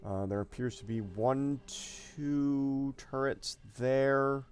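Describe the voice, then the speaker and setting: A man's voice: medium pitch, slow pace, darkish tone, clear, resonant tone. A man streaming a strategy game, thinking aloud casually with fillers and the odd swear word. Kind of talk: gameplay commentary, reading dialogue aloud.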